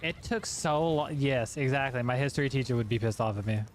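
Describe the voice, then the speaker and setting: A man's voice: medium pitch, a little fast, slight background noise. A young man casually chatting while streaming a video game, rambling, swearing and laughing at himself. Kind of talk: casual gaming chat.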